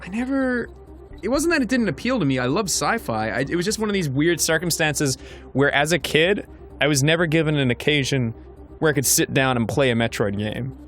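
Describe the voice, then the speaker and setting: A man's voice: on the high side, lively intonation, fairly quick, a bit bright, soft background music. A man with an Australian accent, co-hosting a gaming show and chatting casually while he plays, rambling and swearing freely. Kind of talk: casual chat while playing a video game.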